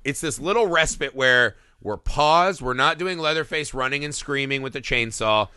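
A man's voice: medium pitch, normal speed, clean tone, dry recording. A man co-hosting a film podcast, chatting casually and profanely about a movie. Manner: animated, profane, acts out movie lines. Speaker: podcast co-host. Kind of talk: casual film review chat.

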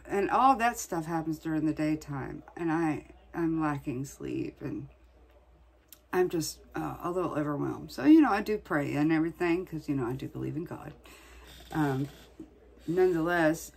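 A woman's voice: low-pitched, creaky, slightly rough. A woman vlogger chatting casually, venting in a blunt, profane way. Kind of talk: casual chat.

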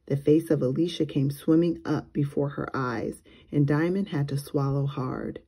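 A woman teacher reading a children's chapter book aloud in a gentle, measured way. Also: sits low, slightly rough.

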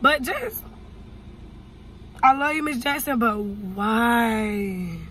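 Young adult woman, vlogger. High, bright and brash, rambling and profane, with faint car noise behind. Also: very slow. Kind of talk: casual vlog rant.

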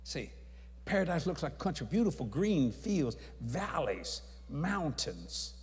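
A man preaching a sermon, telling his story in a folksy, animated way. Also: fairly high pitch, takes it slowly. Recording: reverberant hall.

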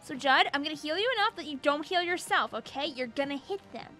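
A woman hosting a gaming channel, giving excitable, joking let's-play commentary and talking to the characters on screen. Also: high voice, quick pace, faint music behind.

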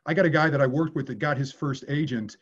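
A man's voice: fairly high pitch, fast, slightly rough, highs cut off. A man working as an acting coach, answering viewer questions in a candid way and swearing casually.

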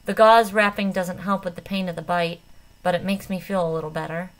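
A woman reading a novel aloud in the first person, with an expressive, dramatic delivery. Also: fairly low pitch, brisk, low-quality recording. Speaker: audiobook reader. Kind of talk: first-person audiobook narration.

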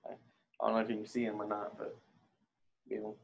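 A man teaching a martial arts class, leading a warm-up with encouraging, casual coaching and offhand asides. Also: fairly low pitch, completely flat delivery, normal speed, vocal fry, highs cut off, slight background noise.

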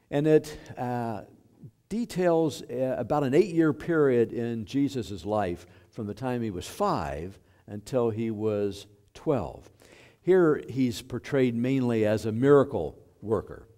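A man preaching a sermon as pastor, unhurried and filling pauses with small hesitations. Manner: unhurried and lively in pitch, with fillers. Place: church sanctuary.

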